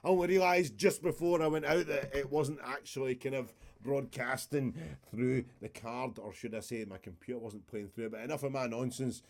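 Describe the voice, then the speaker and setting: A man's voice: mid-range voice, fairly even intonation, normal speed, gravelly, few pauses. A man, casually walking through a music production session on a live stream, chatty and rambling with the odd swear word.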